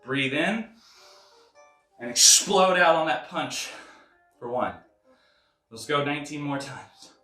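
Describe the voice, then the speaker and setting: A man leading a live kung fu and tai chi workout class, counting reps with sharp exhaled breaths and chatting casually between exercises. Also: a little high, expressive, takes it slowly, long pauses, echoey room, far from the mic, faint music behind. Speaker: martial arts instructor.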